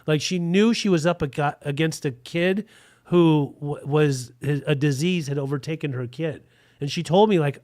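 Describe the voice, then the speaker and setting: A man in his forties tells a frank, rambling story in a podcast interview, with "like" scattered through his speech. His voice sits a little high for a man. The recording is dry, with no room sound. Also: darkish tone, no room sound. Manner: rambling, frank, full of "like" fillers.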